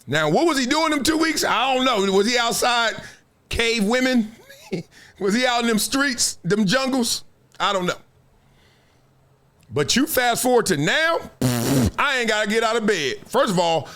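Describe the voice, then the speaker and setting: A man hosting casual commentary in a high voice for a man, swinging widely in pitch as he tells animated stories. He acts out quotes as he talks. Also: a little slow. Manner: animated storytelling, acting out quotes. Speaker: show host.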